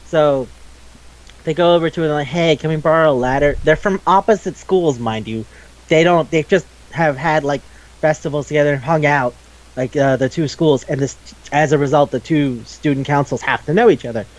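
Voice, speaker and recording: A man's voice: fairly high pitch, moderate pace, rough recording. A young adult man hosting a podcast, chatting casually and animatedly, laughing often and swearing freely. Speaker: podcast host. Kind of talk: casual chat.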